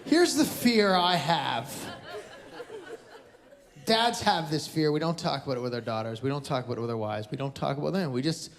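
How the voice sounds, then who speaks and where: A male stand-up comedian works a live theatre audience in a playful, teasing way. His voice sits high and swings widely in pitch. Crowd laughter and background noise fill the recording. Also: animated, moderate pace. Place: casino resort theatre stage.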